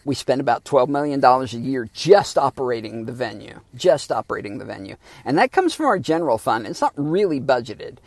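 A man rambles sardonically through a solo podcast and swears freely. His voice is gravelly and mid-pitched, and it is recorded dry and close on a phone in the back seat of a car. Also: sing-song, brisk, few pauses, dry recording. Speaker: podcast host. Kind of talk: casual solo podcast rant.

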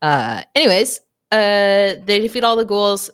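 A young adult woman co-hosting a book club podcast, retelling a plot in casual, profane chat with quick asides. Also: medium pitch, expressive, clear, resonant tone, no echo, clean studio sound.

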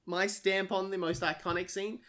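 A man's voice: sits high, flat delivery, moderate pace, pushed and bright. A man co-hosting a casual podcast chat, talking animatedly with lots of fillers and acting out quotes. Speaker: podcast co-host.

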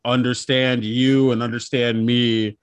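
An animated man talking casually and profanely, often dropping into quick impressions of other people. His voice sits at a middle pitch and is recorded close and dry, with no room sound around it. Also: smooth, no room sound. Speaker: podcast co-host. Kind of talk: casual chat.

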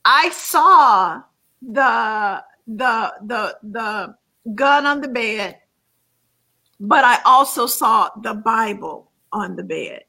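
Slow, bright-voiced woman giving testimony. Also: a little high, poor audio. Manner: earnest, measured, repeats words while searching. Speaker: interview guest. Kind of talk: personal faith testimony.

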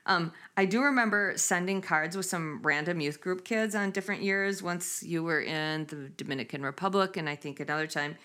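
A woman's voice: lowish voice, moderate pace, few pauses. A woman in her fifties hosting a casual chat, telling stories with laughter and acting out quotes. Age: 50s. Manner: animated, laughing, acts out quotes.

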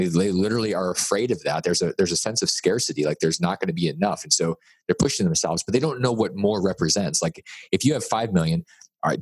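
A man's voice: deep voice, breathy edge, no echo. A man speaking as a guest author in a podcast interview, emphatic and blunt, repeating his key words.

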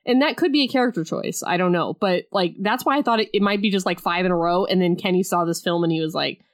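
A woman co-hosting a podcast, chatting casually about a film, animated and joking, often breaking into quick laughs. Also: on the low side. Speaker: podcast co-host.

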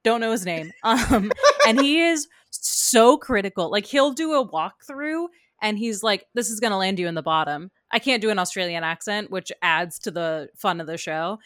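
A woman's voice: mid-range voice, no echo. Chatty woman in a dry booth. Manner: chatty and animated, quick asides, frequent laughs. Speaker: podcast co-host. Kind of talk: casual chat about TV shows.

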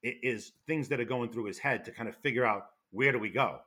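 A man with a New York accent, a retired fire investigator telling stories in a loud, animated way with many restarts. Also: mid-range voice, a little fast, husky. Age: older. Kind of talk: casual interview.

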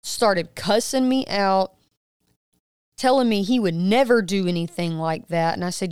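A middle-aged woman on a podcast tells a story in a smooth, clear voice, recorded close and dry. She acts out the people she quotes with a jump up in pitch. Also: a little slow, no echo. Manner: animated retelling, quoting others with rising pitch. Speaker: podcast co-host. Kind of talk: casual storytelling chat.

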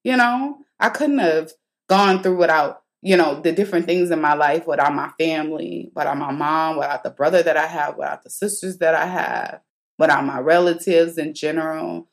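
Young adult woman, podcast host, slightly low voice, chatty and candid with slangy asides. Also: vocal fry. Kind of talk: casual storytelling monologue.

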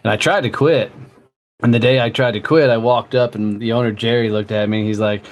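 A man's voice: fairly low pitch, fairly even intonation, brisk. A man guest telling a blunt, profane story in a casual interview. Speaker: guest, entrepreneur.

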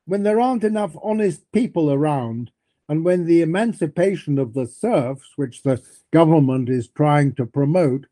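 A man's voice: high voice, dark tone. A man reading a scornful young nihilist. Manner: curt, scornful delivery. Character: young male nihilist, blunt and dismissive. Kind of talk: dramatic reading of a novel.

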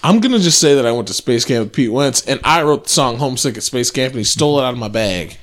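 A man's voice: mid-range voice, expressive, fast. A man hosting a comedy podcast, joking around with his co-hosts in crude, profane banter. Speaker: podcast host.

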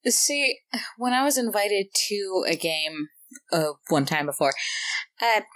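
Woman telling an animated game story. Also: mid-range voice, slow pace. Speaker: podcast co-host, tabletop gamer. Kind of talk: casual chat, storytelling.

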